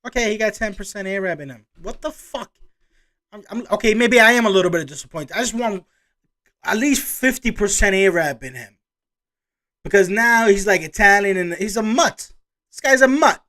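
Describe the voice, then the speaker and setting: High-voiced man rambling through a reaction video. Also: moderate pace, bright, forceful tone. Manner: rambling, chatty, exclaiming reactions. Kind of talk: casual reaction commentary.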